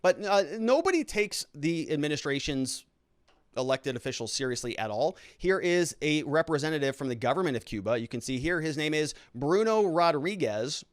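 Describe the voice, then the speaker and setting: A man hosting a political commentary show, sarcastic and animated, with mocking asides. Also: on the high side, moderate pace, no room sound, clean studio sound. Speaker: host.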